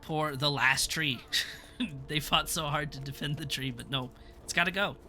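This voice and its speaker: A man's voice: on the high side, normal speed, sharp tone, a little hiss or hum. A young man chatting casually on a live stream, reviewing a TV episode in a rambling, laughing way. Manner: rambling, self-interrupting, laughs often.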